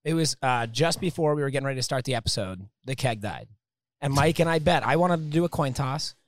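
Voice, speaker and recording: A man's voice: medium pitch, fairly quick, dry recording. A man who brews the beer explaining it and bantering in casual podcast chat at a taproom. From farm town. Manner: explains with fillers, lively banter. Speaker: brewer. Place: brewery taproom.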